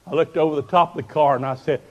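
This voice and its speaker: Preacher man, pretty high voice, fervent revival sermon, tells stories and builds up to shouting. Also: steady tone, quick pace, highs cut off.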